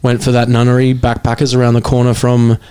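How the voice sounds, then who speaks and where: Rambling Australian musician. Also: male voice, mid-range voice, monotone, fast talker, dark tone, smooth. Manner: rambling, swearing storyteller. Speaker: guest musician. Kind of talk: casual chat.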